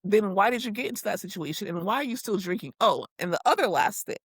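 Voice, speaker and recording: Woman cohosting a podcast, animated, lots of laughing and swearing, mid-pitch voice, dry close mic. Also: fast talker, breathy edge, dry recording. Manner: animated, laughing, swears freely, acts out quotes. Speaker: podcast co-host. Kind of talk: casual chat recapping reality TV.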